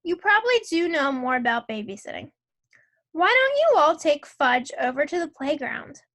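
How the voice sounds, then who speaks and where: A woman's voice: sits high, big pitch swings, moderate pace, a bit bright. A woman reading a storybook aloud and voicing a flustered, harried mother who sounds anxious and pleading. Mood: fretful.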